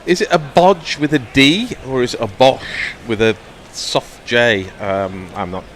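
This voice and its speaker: A middle-aged man with a Scouse accent, co-commenting on cricket in a wry, measured way. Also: mid-range voice, big pitch swings, fairly bright tone, a little hiss or hum. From Liverpool. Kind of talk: relaxed commentary chat.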